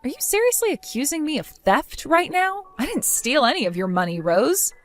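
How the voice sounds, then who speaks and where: A sarcastic, fed-up young wife, voiced by a woman, brushing off her mother-in-law with mockery. Her voice is fairly high and moves around a lot in pitch. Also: big pitch swings, moderate pace, faint music behind. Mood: dismissive. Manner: sarcastic, mocking, dismissive.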